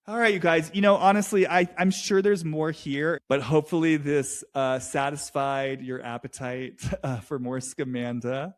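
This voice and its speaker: A man's voice: mid-range voice, normal speed, hardly any pauses. A young man talking through a reality show in a loose, rambling monologue, full of fillers and restarts, swearing freely. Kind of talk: casual analytic monologue.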